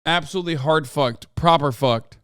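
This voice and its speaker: A man in his thirties hosting a live-stream, reacting to news clips in a loose, profane, excitable way with laughing asides. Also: on the high side, moderate pace, smooth, no room sound, clean studio sound.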